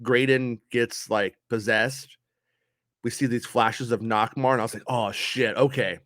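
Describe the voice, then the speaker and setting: A man's voice: medium pitch, flat delivery, measured pace, fairly bright tone, no echo. Man, casual review, frustrated rant, frequent swearing, dry room. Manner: frustrated, ranting, swears often. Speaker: show reviewer.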